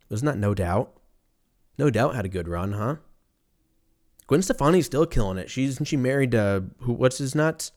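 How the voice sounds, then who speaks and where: A young man, riffing in a casual comedic monologue, rambling and swearing, with quick silly voices for imagined people. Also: mid-range voice, animated, darkish tone. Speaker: podcast host.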